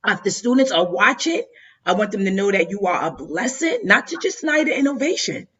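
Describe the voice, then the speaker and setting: A woman's voice: mid-range voice, very animated, brisk, a bit bright, slightly rough. A woman host giving a heartfelt, effusive tribute over a video call, often stumbling and repeating her words. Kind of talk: emotional live-stream tribute speech. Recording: dull lo-fi video call audio.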